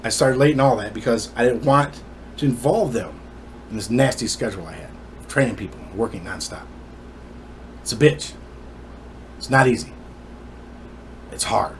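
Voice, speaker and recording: A man's voice: mid-range voice, normal speed, pauses often, slight background noise. A man telling his personal story to the camera in an emphatic, indignant way.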